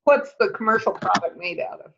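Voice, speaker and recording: An interviewer with a mid-pitched voice asks short, plain follow-up questions in a relaxed chat. The recording sounds dull and lo-fi. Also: brisk, gravelly, slight background noise. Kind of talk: casual conversational interview.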